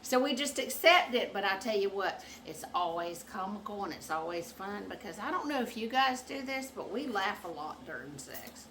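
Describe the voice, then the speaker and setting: A woman hosting her own channel, chatting casually and acting out quotes loudly as she tells a comic story, often laughing. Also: medium pitch, animated, normal speed, few pauses, slight background noise. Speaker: channel host. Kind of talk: casual chat.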